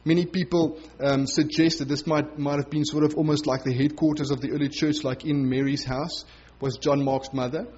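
A man's voice: fairly high pitch, level tone, moderate pace, darkish tone, slightly rough, muffled recording. A male pastor giving a conversational sermon, acting out the voices of the people he quotes.

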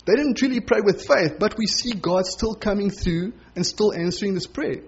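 Male pastor, casual sermon, husky voice, lo-fi sound. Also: high-pitched, normal speed. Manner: conversational, acts out quoted voices.

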